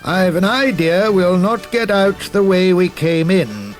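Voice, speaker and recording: A man voicing an excitable elderly professor and explorer in a storybook reading, his voice raised high and eager. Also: unhurried. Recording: old storybook record with music.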